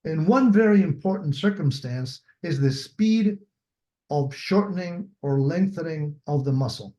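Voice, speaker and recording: Older male lecturer, warm mellow voice, patient repetition, over video call. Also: fairly high pitch, expressive, a little slow, muffled recording. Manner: explanatory, repeats points, acts out examples. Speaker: biomechanics lecturer. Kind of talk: online lecture.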